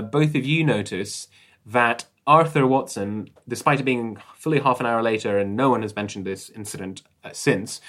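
Chatty game master with easygoing delivery. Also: male voice, on the low side. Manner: relaxed, chatty, many fillers. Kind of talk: narrating a tabletop game.

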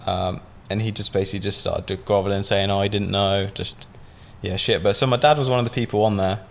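A man's voice: fairly low pitch, steady tone, fairly quick, creaky. A man from Southampton, telling a long story as a podcast guest in a casual, rambling way, full of fillers and swearing. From Southampton, England.

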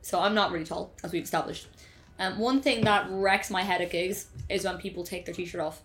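A woman's voice: fairly low pitch, fairly bright tone. A woman, a musician guest on a podcast, talking bluntly in a casual chat. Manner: chatty, blunt, quick to laugh along.

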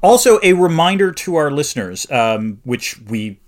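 A man's voice: on the high side, sing-song, moderate pace. Amiable man co-hosting a podcast. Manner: amiable, chuckling, rambling asides. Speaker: podcast co-host. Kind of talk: casual podcast chat.

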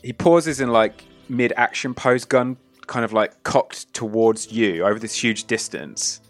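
A man's voice: mid-range voice, a little slow, no room sound, soft background music. A man narrating a western tabletop game as game master, describing scenes loosely with many fillers.

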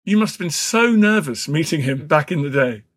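A man's voice: a little high, animated, moderate pace, breathy edge, no room sound, clean studio sound. A man hosting a podcast, asking questions with casual enthusiasm. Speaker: podcast host. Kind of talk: interview questions.

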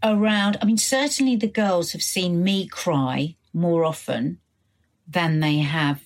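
A middle-aged British woman co-hosting a podcast, chatting casually with frequent halting restarts. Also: lowish voice. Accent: British English. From Britain. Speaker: podcast co-host. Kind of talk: casual chat.

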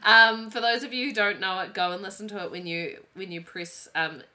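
A woman in her thirties co-hosting a casual podcast with a bright, clear tone that gives her voice some edge. She chats freely, laughs a lot and strings her thoughts together with "like" fillers. Her pitch sits in a normal middle range for a woman. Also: fairly even intonation, a little fast. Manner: chatty, giggly, lots of "like" fillers. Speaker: podcast co-host. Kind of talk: casual chat.

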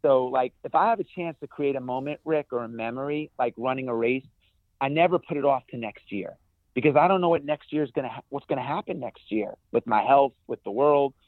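A man, a guest in an interview, telling stories in an energetic way with many restarts. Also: mid-range voice, brisk, dry recording. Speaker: guest, ultrarunner. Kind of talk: conversational interview. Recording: tinny phone-like dry sound.

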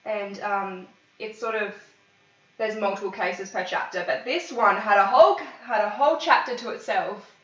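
A woman's voice: mid-range voice, normal speed, fairly bright tone. A woman hosting a casual true-crime podcast, chatty and often stumbling over names. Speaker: podcast host. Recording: echoey room, far from mic, dull lo-fi sound.

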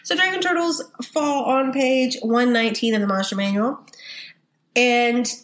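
A woman's voice: fairly high pitch, a little slow. Woman, Texan accent, podcast co-host, giggly, chatty, roomy sound. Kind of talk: casual chat and reading monster lore.

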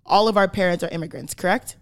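Fairly low in pitch and quick in pace, a woman from Canada hosts a podcast and lays out her point in casual conversation. Her manner is emphatic, punctuated by repeated "right?" check-ins.

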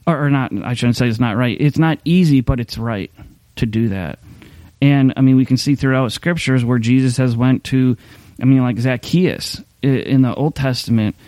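Rambling, mellow-voiced male pastor. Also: medium pitch, fairly even intonation, moderate pace, no echo. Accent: Upper Midwest American. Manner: rambling, conversational, many restarts and fillers. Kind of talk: informal sermon.

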